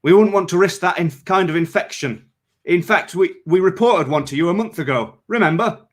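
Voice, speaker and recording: A nervous gate sentry in a read-aloud story, stammering and pleading in a raised, loud voice, as a man reads him out. He trips over his words as he protests. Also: high voice, moderate pace, pitched above the performer's own voice, natural voice. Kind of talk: reading fiction aloud.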